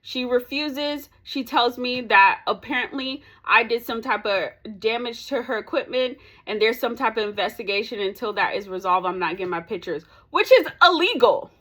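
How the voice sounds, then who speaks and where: A young woman vlogger telling a story in casual chat, animated and ranting, laughing between lines. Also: a little high, normal speed, few pauses.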